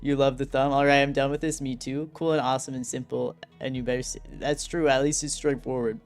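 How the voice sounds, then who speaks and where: A man chats casually over his gameplay, playful and sarcastic with frequent laughs. His voice sits at an ordinary middle pitch, and faint music plays underneath. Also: little pitch movement, fairly quick. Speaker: streamer playing a story game. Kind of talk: casual gaming commentary.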